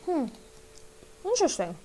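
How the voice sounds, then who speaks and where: A woman's voice: extremely high pitch, wildly swooping pitch, a little slow, dark tone, poor audio. A woman streamer reading a text game aloud and thinking through its puzzles in a hesitant, musing way.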